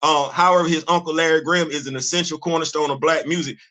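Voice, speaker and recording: Older man host, high bright voice, stammery restarts. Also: quick pace. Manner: animated, repeats words when he starts a sentence. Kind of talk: livestream commentary.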